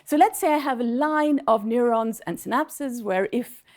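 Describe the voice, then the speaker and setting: A woman's voice: fairly high pitch, normal speed, darkish tone. A woman professor giving a conference lecture in a conversational way, with lots of fillers and self-interruptions, checking in with "okay?" and "yeah?".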